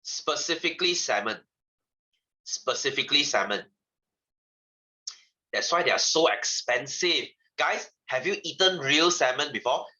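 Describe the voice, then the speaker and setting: A man's voice: on the high side, animated, a little slow, long pauses, pushed and bright, dull audio. A man giving a chatty science lesson to his class, asking questions and repeating himself. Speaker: science teacher. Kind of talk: classroom lecture.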